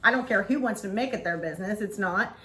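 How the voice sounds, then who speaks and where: A woman in her forties telling a story to camera in a casual vlog, blunt and animated, swearing freely. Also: mid-range voice, fast talker. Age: 40s. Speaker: vlogger.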